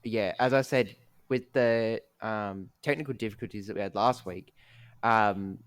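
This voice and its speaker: A man's voice: on the low side, measured pace, smooth, no room sound. A young man co-hosting a podcast, talking in a laid-back, self-deprecating way full of ums. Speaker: podcast co-host. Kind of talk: casual chat.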